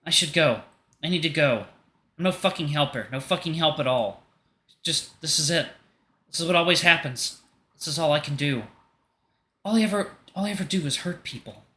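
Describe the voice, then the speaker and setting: Furious young blue jay bird-man, voiced by a man, snarling, bright and echoey. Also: very high-pitched, moderate pace, voice pushed up, heavily acted. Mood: despairing. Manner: shouting, snarling, cursing. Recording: roomy echo.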